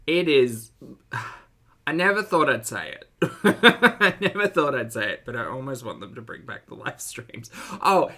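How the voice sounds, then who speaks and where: A man's voice: mid-range voice, bright, forceful tone. A man hosting a casual livestream commentary, chatty and sarcastic, laughing often and greeting his chat viewers.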